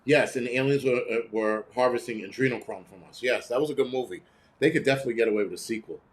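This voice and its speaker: A man hosting a casual live stream, talking bluntly and swearing freely as he responds to viewer comments. His voice sits in an ordinary middle pitch. He slips into quick imitations of people he is describing. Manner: profane, ranting, blunt; mimics others in quoted voices.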